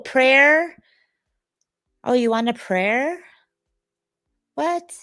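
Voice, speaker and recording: A woman's voice: mid-range voice, no echo. A sleepy woman, hosting a livestream and chatting casually with viewers, rambling and joking. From Detroit, Michigan, USA. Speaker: livestream host.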